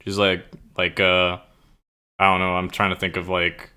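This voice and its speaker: Young man, casual streamer chat, rambling and swearing, lowish pitch, bright tone. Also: monotone, normal speed, smooth. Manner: rambling, swears a lot, searches for words. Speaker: streamer and writer.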